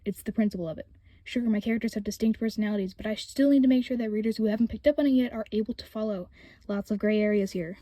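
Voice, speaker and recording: Woman host, warm dark tone, dry close voice-over, frank and casual writing advice. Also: mid-range voice, fast talker, no room sound. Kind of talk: scripted voice-over.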